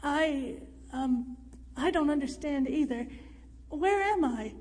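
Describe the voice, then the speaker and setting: A woman voicing a blunt, bewildered young American man who talks haltingly. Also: high-pitched, lively intonation, a little mellow. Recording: reverberant room.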